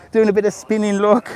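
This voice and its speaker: A man's voice: sits high, clean tone. A middle-aged man, vlogging live while walking outdoors through resort grounds, talking in a jokey, chatty way and chuckling often. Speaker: travel vlogger. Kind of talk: live-streamed walking vlog. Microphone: handheld gimbal camera.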